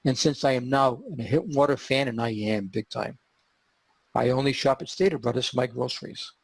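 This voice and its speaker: A man hosting a podcast and telling a story in an animated way, acting out the quotes. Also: medium pitch, a little fast, creaky, breathy edge, dry recording. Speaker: podcast host.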